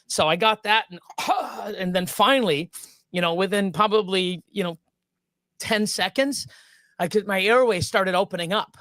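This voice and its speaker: A man with a rather high voice tells a long story in loose, casual chat. He trips over his words, restarts often and swears freely. The sound is close and dry, with no room around it. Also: moderate pace, fairly bright tone, no room sound. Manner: rambling and profane, with many restarts. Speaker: live stream co-host.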